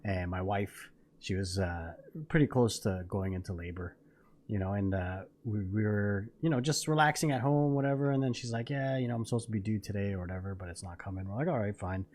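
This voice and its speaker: A man's voice: on the low side, a little fast, a little mellow. A man in his thirties, a podcast co-host, casually telling a long story full of swearing and laughter. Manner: profane, rambling, laughing storyteller.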